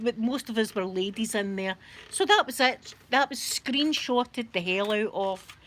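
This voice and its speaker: A woman's voice: a little high, a bit bright, slight background noise. A Scottish woman chatting casually to a live audience from her rocking chair at home, rambling and laughing often. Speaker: YouTube live streamer.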